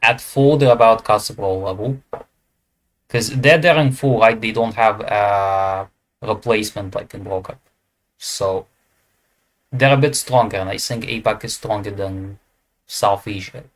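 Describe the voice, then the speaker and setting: Speaking at a measured pace in a fairly low voice, this esports tier list creator offers laid-back remarks while ranking teams. He muses aloud, hesitating with fillers and revising what he just said.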